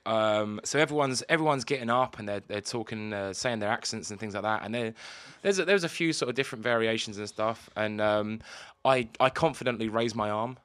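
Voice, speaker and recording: A man's voice: fairly low pitch, fairly quick, hardly any pauses, a bit bright, smooth. A young man co-hosting a podcast, telling rambling stories with lots of ums and restarts in casual chat. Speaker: podcast co-host.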